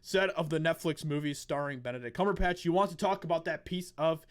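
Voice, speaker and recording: A man with a somewhat high voice delivers opinionated video commentary. He sounds like he is losing his voice. His talk is emphatic, full of repeated words and restarts. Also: fairly even intonation, brisk. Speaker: commentary channel host.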